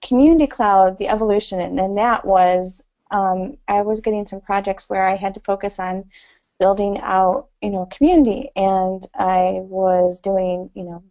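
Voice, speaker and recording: A woman's voice: mid-range voice, fairly even intonation, moderate pace, dark tone. Chatty woman guest on lo-fi audio. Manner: chatty, rambling, many "you know" fillers, laughs often. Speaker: interview guest. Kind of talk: casual conversational interview.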